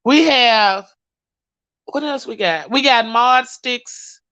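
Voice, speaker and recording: A woman's voice: fairly high pitch, slow, no room sound. Sassy, profane woman dishing gossip. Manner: sassy, profane, animated storytelling. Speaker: gossip vlogger. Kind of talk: casual commentary to viewers.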